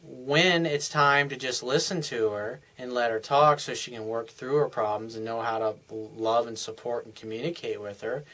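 A man of ordinary, middle pitch talks through relationship advice in a loose, unscripted monologue. He sounds earnest and frank, and uses casual, everyday language as he explains things step by step. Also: moderate pace, hardly any pauses, sharp tone.

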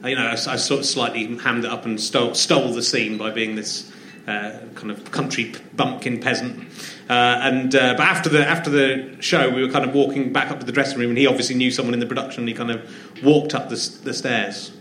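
A man's voice: medium pitch, fairly even intonation, fairly quick, hardly any pauses, sharp tone, roomy sound, a little hiss or hum. A middle-aged man hosting a comedy interview, bantering in a giggly, rambling way. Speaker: podcast host.

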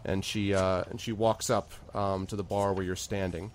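A man's voice: low-pitched, little pitch movement, normal speed. A man narrating a tabletop game as game master, with frequent hesitations and fillers.

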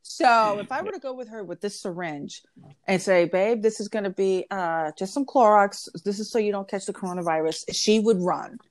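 A woman's voice: medium pitch, normal speed. A woman co-hosting a live radio talk show, speaking in an emphatic, incredulous way and repeating herself for stress.

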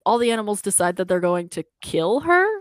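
A young woman casually recapping a cartoon episode with a co-host, incredulous and quick to laugh. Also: medium pitch, very animated. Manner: chatty, incredulous, laughs often, acts out quoted lines. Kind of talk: casual chat.

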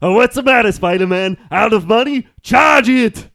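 A man putting on the voice of a loud, hammy male movie villain delivering cheesy one-liners. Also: sits high, expressive, normal speed, creaky, dry recording, clean studio sound, pitched above the performer's own voice, exaggerated voice. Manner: over-the-top shouted impression.

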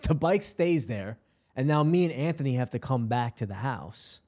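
A man in his forties co-hosting a comedy podcast, chatting casually and relaxed about shared childhood memories. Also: mid-range voice, moderate pace. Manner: relaxed, agreeing, short interjections. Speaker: podcast co-host. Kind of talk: casual chat.

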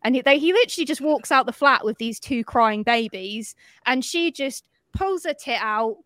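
Woman telling a film plot on a podcast, lots of swearing and acted-out lines, bit high pitched, dead dry mic. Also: moderate pace, no room sound. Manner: animated storytelling, acts out quotes, swears freely. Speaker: podcast co-host. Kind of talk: casual film recap chat.

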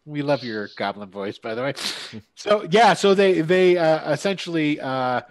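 A man acting as game master for a tabletop game, narrating scenes haltingly with lots of fillers and restarts. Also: a little high, expressive, no echo.

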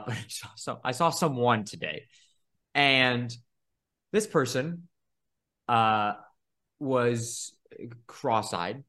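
Podcast co-host, male, bright tense tone, lively cursing storyteller. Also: mid-range voice. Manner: animated storytelling, swears freely, laughs often. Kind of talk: casual chat.

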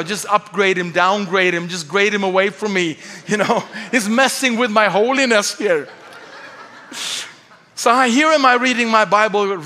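Bright-voiced Swedish pastor. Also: male voice, sits high. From Sweden. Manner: animated, self-mocking humor, acts out voices. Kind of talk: storytelling sermon. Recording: church hall reverb.

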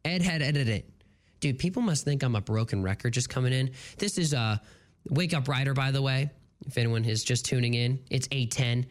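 Speaking at normal speed with a medium-pitched voice, this morning radio host banters playfully alone, close to a studio broadcast mic. Tongue twisters trip them up, and they laugh at each slip.

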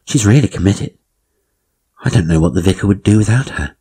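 A man's voice: on the low side, expressive, brisk, dark tone, slightly rough, pitched above the performer's own voice. A man voicing a matter-of-fact, wry wife in a village. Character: the narrator's wife, sensible, wry woman.

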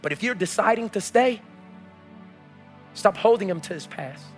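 A man preaching as pastor, telling a personal story and building to shouted exhortation. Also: sits high, expressive, moderate pace, faint music behind. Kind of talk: sermon.

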